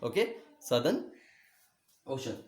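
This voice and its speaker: A male geography teacher with a mid-range, darkish voice is very animated as he teaches slowly, spelling words letter by letter, repeating them, and frequently asking "okay?" The recording has an echoey room sound.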